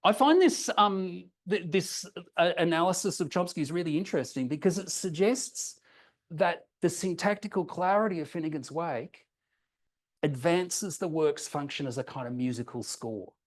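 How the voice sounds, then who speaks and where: A man's voice: fairly high pitch, moderate pace. A man presenting an academic paper with slides, explaining patiently and checking in with listeners, with frequent ums and restarts. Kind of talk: conference talk with slides.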